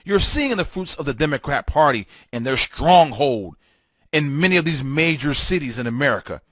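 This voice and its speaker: A man's voice: a little high, lively intonation, moderate pace, fairly bright tone, dry recording, studio quality. A man hosting a political talk show, delivering a fiery, emphatic solo monologue full of repetition and stammered restarts.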